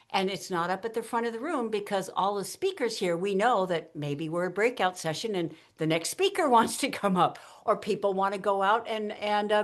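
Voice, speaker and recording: A woman guest on an interview podcast, explaining speaking techniques in an animated, punchy way and laughing often as she teaches. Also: on the high side.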